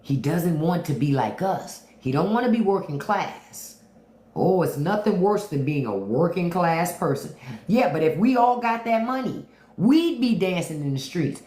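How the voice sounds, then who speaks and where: Animated, profane woman host. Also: lowish voice, unhurried. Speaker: podcast host. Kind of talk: livestream commentary. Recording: roomy echo.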